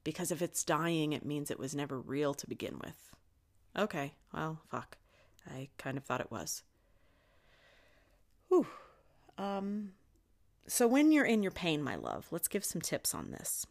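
A woman's voice: deep voice, very animated, unhurried, vocal fry, long pauses. A middle-aged woman hosting a podcast, giving a candid, confessional spiritual monologue and swearing freely. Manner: candid, swears often, talks openly about her feelings. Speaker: podcast host.

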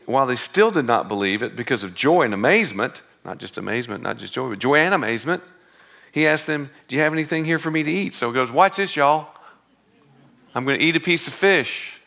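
A man's voice: medium pitch, vocal fry, pushed and bright. A man teaching through a Bible passage in an informal, conversational way, breaking off for joking asides and correcting himself as he goes.

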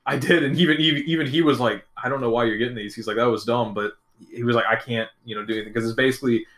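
A man's voice: mid-range voice, very fast, echoey room. A young man in casual chat, telling a school story with lots of swearing and acting out what people said. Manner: profane, animated, acts out quotes in shifting voices.

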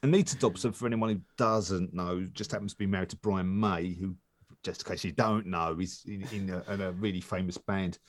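A man's voice: low voice, fairly even intonation, brisk. A man, co-hosting a casual chat and rambling through anecdotes. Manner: rambling anecdotes with many fillers and restarts. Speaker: podcast co-host.

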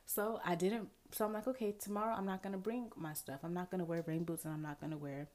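A young woman vlogger telling a casual storytime to her viewers, animated and chatty, talking to them directly and acting out her own thoughts. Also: lowish voice, quick pace. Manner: dramatic asides and quoted self-talk. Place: indoors at home, near a window with rain outside.

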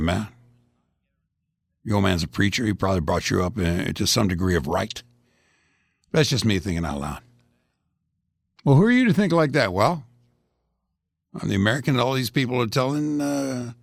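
A man's voice: lowish voice, gravelly, dry recording, clean studio sound. A man in his seventies hosting a rambling, folksy one-man commentary, chatting casually and drifting from topic to topic. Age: 70s.

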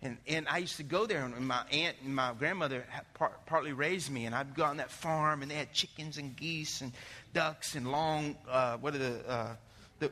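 A man preaching a sermon as pastor, telling lively stories and putting questions to the congregation. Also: on the high side, normal speed, big-room sound. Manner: animated storytelling, asks the congregation questions.

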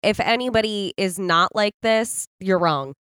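A woman's voice: mid-range voice, measured pace, fairly bright tone, clear, resonant tone, dry recording. A woman hosting a casual interview, asking questions and chiming in with short agreement. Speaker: interviewer host.

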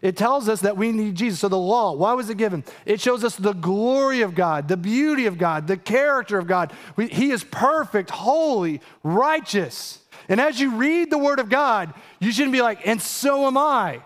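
A man's voice: lively intonation, moderate pace, few pauses. A pastor in his thirties preaching a sermon, emphatic and urgent, firing direct questions at his listeners. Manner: emphatic, rising to urgent high peaks and asking the audience direct questions.

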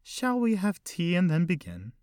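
A man voicing an elderly wealthy woman hosting at her manor, with a shaky voice and slow, genteel, formal speech. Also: high voice, wildly swooping pitch, a little mellow, no room sound, clean studio sound, pitched above the performer's own voice. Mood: gracious.

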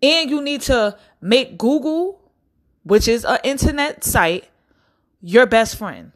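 A young woman ranting bluntly to camera in a casual, profane and animated way. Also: fairly high pitch, takes it slowly. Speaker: vlogger.

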